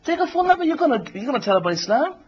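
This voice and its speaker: A man's voice: very high-pitched, sing-song, rapid-fire, highs cut off, pitched above the performer's own voice. A man putting on the sly coaxing devil. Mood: pushy. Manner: wheedling, pushy, escalating demands.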